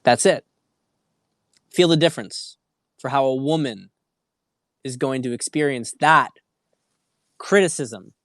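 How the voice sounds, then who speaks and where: A man's voice: mid-range voice, a little slow, pauses often, fairly bright tone, no echo, clean studio sound. A man hosting a dating livestream, speaking in an earnest, preachy way with frequent restarts. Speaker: dating coach. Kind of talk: livestream talk.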